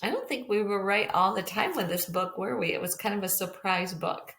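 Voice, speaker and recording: A woman's voice: medium pitch, a little fast, creaky, slight background noise. Woman reading a storybook to kindergarteners. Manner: gentle, expressive storybook reading with questions to children. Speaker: kindergarten teacher. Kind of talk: read-aloud storytime lesson. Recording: echoey room.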